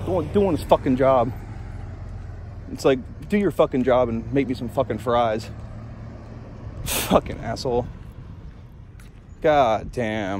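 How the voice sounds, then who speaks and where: A man's voice: mid-range voice, big pitch swings, measured pace, long pauses, a little mellow, a little hiss or hum. A young man filming himself on a phone in his car at night, ranting angrily, swearing constantly and restarting his sentences. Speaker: vlogger. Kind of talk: profane ranting vlog. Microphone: phone held in hand.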